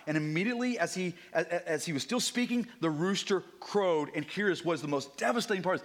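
Animated male preacher, slightly high voice. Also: quick pace, few pauses. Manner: animated, dropping to near-whispers for emphasis. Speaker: guest preacher. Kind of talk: sermon.

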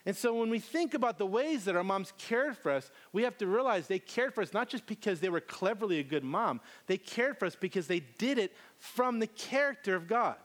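A male pastor in his thirties preaching with a slightly higher-than-usual voice. He tells funny family stories animatedly, acting out his own lines. He then turns earnest as he draws the lesson. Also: brisk, hardly any pauses. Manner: animated, humorous storytelling with acted-out quotes. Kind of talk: sermon.

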